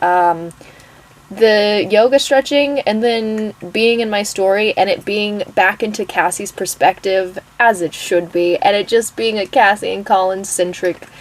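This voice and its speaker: A medium-pitched woman writer, out of breath, chats casually to camera about her writing progress. She rambles with plenty of ums and frequent laughs, and the recording is rough.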